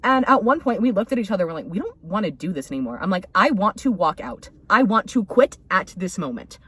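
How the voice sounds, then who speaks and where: A woman's voice: medium pitch, a little fast, slightly rough. A young woman co-hosting a casual chat, telling a workplace story with acted-out quotes and laughter. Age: young adult. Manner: animated, acts out quotes with laughter. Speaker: podcast co-host.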